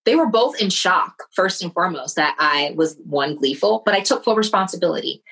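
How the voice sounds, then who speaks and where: A middle-aged woman in casual conversation, telling a personal story in an animated way and acting out the voices of the people in it. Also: fairly low pitch, fairly quick, vocal fry, husky, poor audio. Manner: animated, acts out quoted voices.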